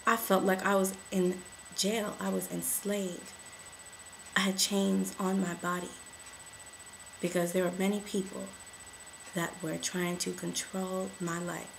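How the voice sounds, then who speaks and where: A woman giving an emotional testimony to camera, repeating affirmations and rising to shouts. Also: mid-range voice, vocal fry, slight background noise, low-quality recording.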